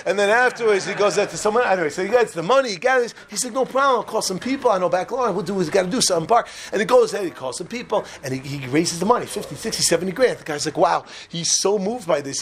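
A man teaching a class to a room of listeners, telling a lively story, acting out voices and joking with the audience. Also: high voice, slight background noise. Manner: animated, acts out voices, jokes with the room.

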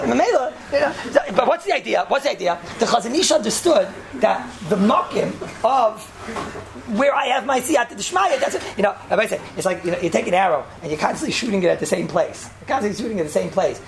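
A woman teacher giving a casual religious talk, telling stories in an animated way and mixing in Hebrew and Yiddish terms. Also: gravelly. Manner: jumps to high pitch when acting out story lines. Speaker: seminary teacher.

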